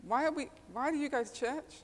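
A woman's voice: high voice, fairly quick, in a large hall, slight background noise. A woman preaching a sermon, telling chatty personal stories and laughing often. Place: church.

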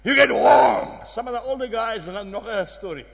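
High-voiced South African preacher, emphatic. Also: male voice, moderate pace, vocal fry. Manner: emphatic, storytelling, swings from loud exclamations to hushed tones. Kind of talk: sermon. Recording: long hall reverb.

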